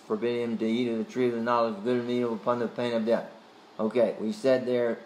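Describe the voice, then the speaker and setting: A man teaching a catechism class, questioning students by name and pausing with frequent fillers. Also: mid-range voice, a little hiss or hum. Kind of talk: Bible study teaching.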